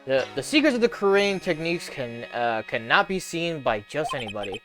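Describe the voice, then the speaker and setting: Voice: mid-range voice, big pitch swings, brisk, lightly acted. A streamer voicing a stern older woman who speaks with stiff, old-fashioned formality, over game music. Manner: stiff, archaic politeness, repeats "good sir". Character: stern, formal older woman, head of a spirit-medium family.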